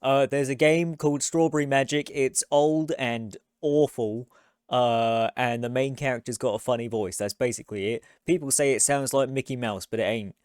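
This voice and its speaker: A man's voice: medium pitch, fairly even intonation, moderate pace, a little mellow, clear, resonant tone, no echo, studio quality. A man from the United States streaming a game with casual, rambling commentary and frequent swearing. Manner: chatty, rambling, swears freely.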